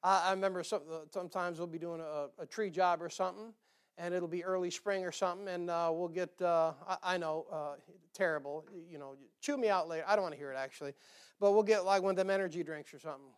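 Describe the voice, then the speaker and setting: A man's voice: high voice, fairly even intonation, fast talker, clean tone. A man preaching a sermon in a folksy, emphatic way, with joking asides.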